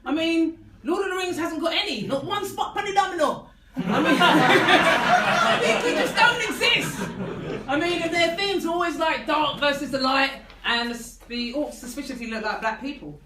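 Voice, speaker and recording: A high-pitched woman works through a stand-up set, laughing along with her own lines. She is caught from far back in a reverberant venue. Steady noise sits under her voice. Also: moderate pace. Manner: laughs at her own jokes, many "I mean" fillers. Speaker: stand-up comedian. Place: comedy venue with live audience. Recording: echoey room recorded from afar, noisy.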